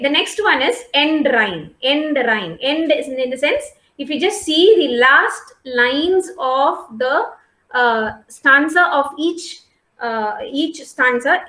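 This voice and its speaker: The recording, made in an echoey room, captures a woman lecturing a class in a high voice with a sharp tone. She is patient, uses lots of fillers, repeats herself and checks that the students are following.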